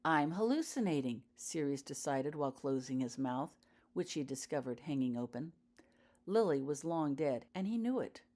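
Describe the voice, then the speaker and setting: Low-voiced woman narrating a story. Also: moderate pace, mellow. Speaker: fanfiction author reading her own story. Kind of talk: audiobook narration.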